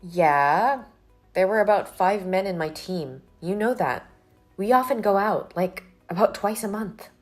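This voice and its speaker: An actress playing a young office worker who firmly and politely pushes back against a colleague. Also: female voice, medium pitch, expressive, a little slow, faint music behind. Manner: firm, exasperated, polite refusals. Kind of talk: scripted dialogue drama.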